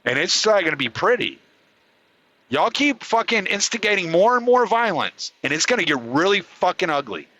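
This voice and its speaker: Furious high-voiced man ranting. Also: very animated, normal speed, pushed and bright, poor audio. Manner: furious, profane, heated ranting. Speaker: podcast host. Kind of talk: angry ranting monologue.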